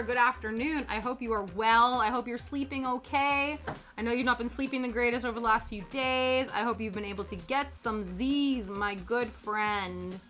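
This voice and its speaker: A chatty woman from Canada talks with her stream viewers, greeting them by name and laughing often. Her voice sits a little high and rings bright and forceful. Soft music plays faintly behind her. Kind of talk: casual chat with live chat while cross-stitching.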